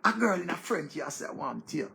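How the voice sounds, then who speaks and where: A man with a Jamaican accent giving excitable casual commentary, repeating words and breaking into exclamations. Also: on the high side, a little fast, vocal fry. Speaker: online show host. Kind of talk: casual commentary in Patois-laced English.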